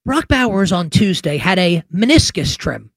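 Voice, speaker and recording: A man's voice: high voice, very animated, moderate pace, gravelly, no room sound, studio quality. A man hosting a sports radio show, ranting emphatically and sarcastically, throwing out rhetorical questions. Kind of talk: opinionated sports talk radio monologue.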